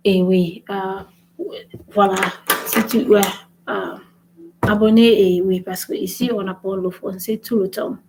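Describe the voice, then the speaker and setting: A woman's voice: mid-range voice, steady tone, unhurried, background noise. A woman hosting a casual language lesson vlog, switching between French and English and repeating points with "right?". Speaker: language-learning channel host.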